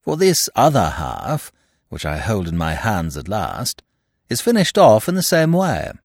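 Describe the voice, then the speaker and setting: A man reading a story aloud and voicing a sly, mocking gentleman thief with a theatrical, taunting manner. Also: fairly low pitch, wildly swooping pitch, a little slow, no room sound, clean studio sound, heavily acted. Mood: smug.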